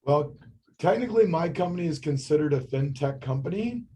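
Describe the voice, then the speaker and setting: A man taking part in a training session, explaining his work in a relaxed, easygoing way. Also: on the high side, a little fast. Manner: relaxed, hedging with fillers. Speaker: participant from a lending tech firm. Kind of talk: casual discussion in class.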